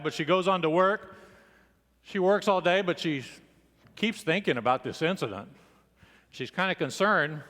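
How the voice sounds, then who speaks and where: A man's voice: a little high, a bit bright. A man preaching a sermon in a church, opening with a folksy joke and easy storytelling. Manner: folksy joke-telling delivery. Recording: long reverb of a church hall.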